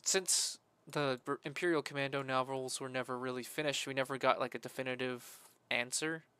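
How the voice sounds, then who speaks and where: A man talking casually while he builds a game map, rambling with many fillers and breaking into loud, sweary frustration. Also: mid-range voice, steady tone, brisk, smooth, no echo. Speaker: modding streamer.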